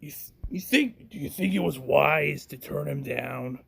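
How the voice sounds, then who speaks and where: A fan narrator voicing a doubtful young companion who speaks in halting questions. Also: mid-range voice, animated, creaky, husky, voice pushed down, full character voice.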